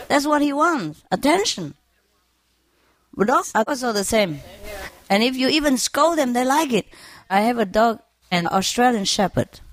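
A woman's voice: fairly high pitch, dry recording. Laughing woman chatting about her pets. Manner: laughs often, animated, acts out her pets' voices. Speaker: bird owner. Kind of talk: casual storytelling.

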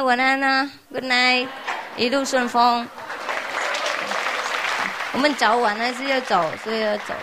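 Her fairly high voice comes through over a noisy background as this spiritual teacher gives her followers a casual farewell. She speaks plain English that isn't her native language, laughing a lot with affectionate teasing.

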